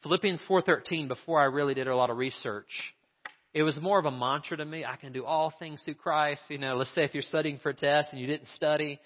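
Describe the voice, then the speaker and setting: A man's voice: on the high side, fast talker, slight background noise. A man preaching a sermon in an earnest, conversational way, asking his listeners questions as a pastor. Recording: dull sound with long hall reverb.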